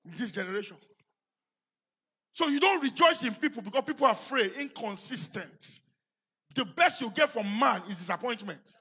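Preaching in church at normal speed, a pastor with a Nigerian English accent uses a very high, husky, animated voice. His sermon climbs to shouted emphasis as he questions the congregation.

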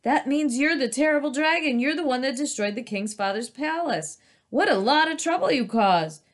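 A woman voicing a young male lion cub who is cheeky and teasing, high and loud. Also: unhurried, lightly acted. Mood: mocking.

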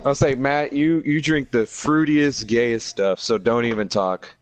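A man's voice: medium pitch, unhurried, no room sound. A young man in casual gaming chat, dry and teasing.

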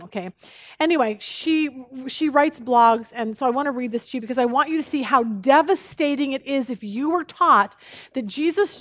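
A woman teaching a women's Bible study, animated and expressive, telling jokes as she speaks. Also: fairly high pitch, dry recording, clean studio sound.

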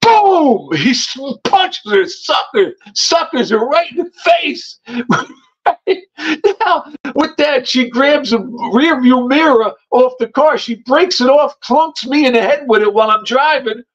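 A man telling animated, tough stories from his past as a guest. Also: very high voice, unhurried. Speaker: guest, former mobster. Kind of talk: storytelling. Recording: dull lo-fi sound.

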